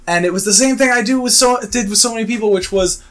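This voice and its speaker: A man's voice: high voice, quick pace, low-quality recording. A young man co-hosting a podcast in casual chat, telling work stories with lots of swearing and acted-out customer lines. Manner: animated storyteller, swearing, acting out customers. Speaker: podcast co-host.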